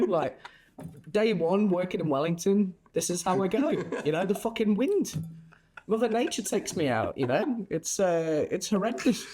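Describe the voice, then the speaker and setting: A young adult man, a bartender, chatting as a podcast guest, telling lively stories and swearing freely. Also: a little high, a little hiss or hum. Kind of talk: casual interview chat.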